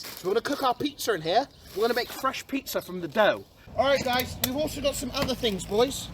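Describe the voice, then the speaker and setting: A young man chats excitably through an outdoor vlog, calling out to his viewers as boys. His pitch jumps around a lot, from low mutters to loud yells. A faint hiss sits under his voice from the camera mic. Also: fairly quick. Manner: excitable, keeps addressing viewers as boys, swings from mumbling to yelling. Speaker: streamer. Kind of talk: casual vlog narration. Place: outdoor garden.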